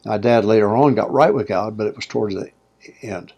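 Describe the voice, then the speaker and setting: A man's voice: on the low side, fairly quick, vocal fry, a little mellow, slightly rough. An older man, a pastor and guest, telling his story in a folksy, plainspoken way and chuckling as he goes. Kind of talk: storytelling interview.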